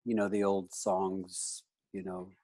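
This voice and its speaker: A man's voice: low voice, level tone, takes it slowly, darkish tone. A man in his fifties from the United States, a guest in a casual interview who rambles and leans on "you know" fillers.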